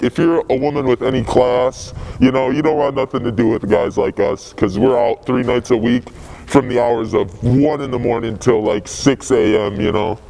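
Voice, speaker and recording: A man's voice: mid-range voice, creaky, poor audio. A young man, a graffiti writer telling stories in a casual interview, laid-back, rambling and full of swearing.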